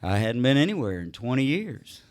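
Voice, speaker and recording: Man doing a deadpan ex-con. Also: medium pitch, normal speed, close to an everyday voice. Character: flat-spoken male ex-convict, just released.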